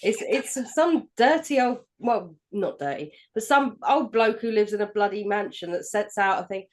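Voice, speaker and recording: A woman's voice: mid-range voice, expressive, normal speed, few pauses, a little mellow, a little hiss or hum. A woman from England co-hosting a film podcast in casual chat, emphatic and jokey, swearing freely. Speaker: podcast co-host.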